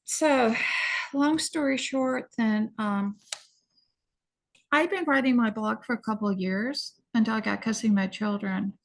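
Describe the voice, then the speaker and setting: Middle-aged woman with a gravelly edge. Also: fairly high pitch. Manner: earnest, hurried recounting with frequent restarts. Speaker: podcast guest. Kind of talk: personal storytelling in an interview.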